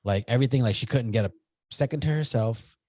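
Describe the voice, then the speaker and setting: A young man co-hosting a podcast in casual chat, telling rambling, animated stories and swearing freely. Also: mid-range voice, fast, dry recording. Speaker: podcast co-host.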